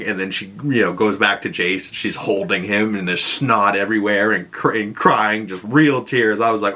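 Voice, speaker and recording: A man casually breaking down a TV episode, excitable and swearing freely. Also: fairly low pitch, normal speed, hardly any pauses. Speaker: YouTube show recapper.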